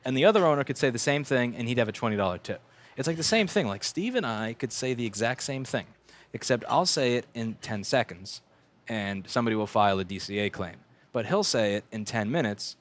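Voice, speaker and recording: Fairly quick and lively in intonation, this lowish-voiced man runs a casual livestream from his repair bench. His talk is blunt and rambling, full of profanity, fillers and false starts.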